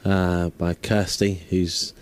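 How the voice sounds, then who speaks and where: A man with a fairly low voice talks in halting, stop-start sentences, circling back over his words. He joins an interview chat as a guest managing the singer's schedule. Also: flat delivery, smooth. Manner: halting, many restarts and fillers.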